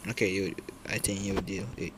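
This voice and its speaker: A man's voice: sits low, steady tone, normal speed, background noise. A man casually commenting on his gameplay in hesitant, broken English, full of fillers, chatting to game characters and swearing when things go wrong.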